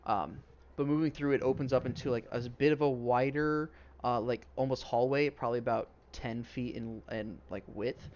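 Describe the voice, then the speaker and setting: A man's voice: mid-range voice, fairly even intonation, normal speed, darkish tone, slight background noise. Rambling male game master, lo-fi. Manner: loose and rambling, many fillers. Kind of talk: narrating a tabletop game.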